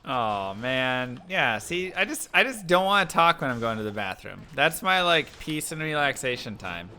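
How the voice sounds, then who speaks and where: Chatting casually while he plays, a livestream gamer host tells stories and laughs often in an animated way. His mid-range voice moves at normal speed against slight background noise.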